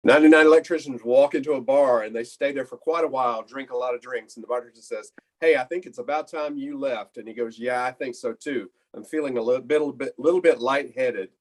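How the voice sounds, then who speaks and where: Male improv player, quick delivery, mid pitch. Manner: brisk storytelling of pun jokes. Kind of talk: casual joke telling.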